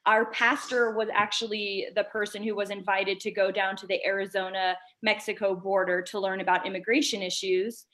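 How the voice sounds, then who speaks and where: Heartfelt woman guest, softly emotional. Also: mid-range voice, little pitch movement, normal speed, few pauses. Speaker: nonprofit founder, interview guest. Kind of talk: conversational interview.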